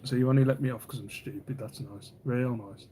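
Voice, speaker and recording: A man's voice: mid-range voice, steady tone, fairly quick, heavy background noise. A man hosting a casual live stream, rambling, teasing, and reading viewer comments aloud. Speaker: livestream host.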